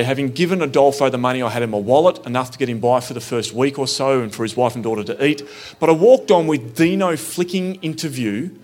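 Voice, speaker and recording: A man speaks at an ordinary middle pitch, recounting his own story in a plain, earnest way. He sounds reflective and conversational, with easy pauses rather than polish. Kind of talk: personal storytelling talk.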